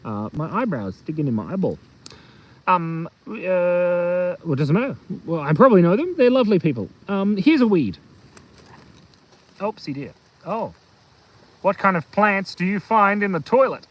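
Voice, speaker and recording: Broadcasting live from a hilltop, a man who runs a kids' channel rambles goofily, tossing out silly jokes and plenty of fillers. His voice sits high and is very animated at a moderate pace, though the recording quality is low.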